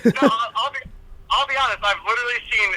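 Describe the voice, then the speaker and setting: A man's voice: very high voice, fast talker, bright, forceful tone. A man calling in by phone while driving, joking crudely in casual chat. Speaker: caller. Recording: tinny phone line.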